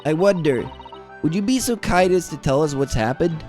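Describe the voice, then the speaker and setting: Man voicing a polite young woman assistant, softly formal, lively pitch. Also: moderate pace, faint music behind, natural voice.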